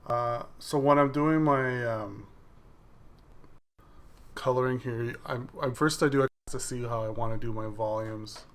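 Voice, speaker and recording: Gravelly man talking through his art. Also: medium pitch, measured pace, fairly bright tone. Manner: explains each step as the work plays on screen. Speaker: digital artist. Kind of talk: casual voice-over of a drawing process video.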